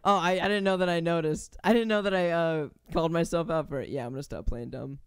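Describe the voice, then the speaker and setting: A man's voice: a little high, steady tone, quick pace, smooth, no echo. A man streaming casually while reacting to a video, loose and self-mocking with frequent swearing.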